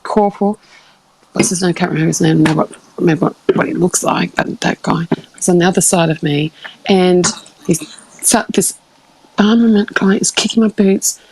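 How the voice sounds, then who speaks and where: An Australian woman streaming live, telling a rambling story in a casual, animated way, with frequent laughs and restarts. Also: lowish voice, slight background noise, low-quality recording. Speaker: livestream host.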